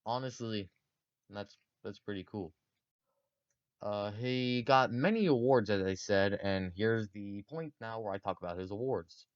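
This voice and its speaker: A man's voice: on the low side, a little slow, smooth, dull audio. A man casually narrating history for a video, rambling and joking with many fillers.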